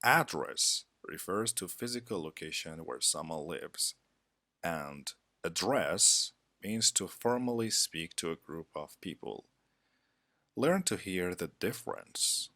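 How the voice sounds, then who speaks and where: A male teacher reads a scripted lesson in a very deep yet bright voice. His pitch moves in a lively way, and his delivery stays measured and deliberate. The sound is dry and close. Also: dry recording. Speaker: English teacher.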